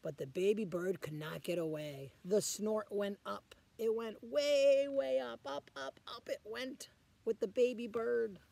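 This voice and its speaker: A man reading a picture book aloud to children as a guest reader, pausing often to ask the children questions. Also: high voice, creaky, mellow.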